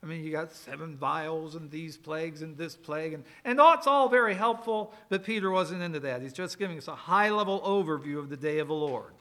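A man preaching an expository sermon to a church congregation, conversational and folksy, with emphatic slow pauses. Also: a little high, fairly bright tone. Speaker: pastor.

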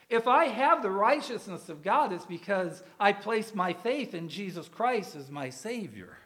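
Bright high-voiced preacher man. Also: very animated, unhurried, hardly any pauses. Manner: conversational, asks the congregation questions, uses some fillers. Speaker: pastor. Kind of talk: sermon.

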